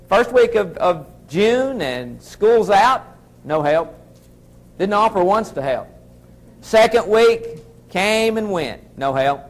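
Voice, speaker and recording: Man, Southern accent, middle-aged, folksy keynote storyteller, high and very expressive voice. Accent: Southern American. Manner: folksy, animated storyteller addressing an audience. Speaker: motivational speaker.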